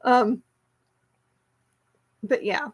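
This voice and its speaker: A woman's voice: a little high, drawn-out words, husky. A woman hosting a casual book club chat, rambling and enthusiastic, laughing easily and restarting her sentences often. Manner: chatty and rambling, with many restarts and fillers. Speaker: homeschool book club host.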